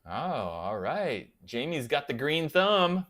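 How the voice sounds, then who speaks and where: Lively chatty man hosting a livestream. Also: on the high side, takes it slowly. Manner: chatty, answers viewer comments aloud; self-deprecating and playful. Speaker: livestream host of a guitar channel. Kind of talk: casual live-chat banter.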